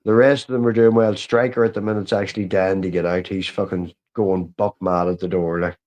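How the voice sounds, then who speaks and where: A man's voice: low-pitched, level tone, brisk, a little mellow. A man chatting as a guest on a live stream, stammering when he gets going and swearing casually. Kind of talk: casual chat.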